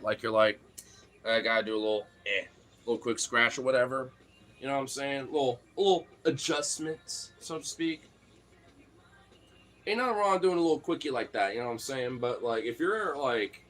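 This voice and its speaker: A man's voice: medium pitch, fairly bright tone. A man in casual chat, rambling in joking, slangy banter.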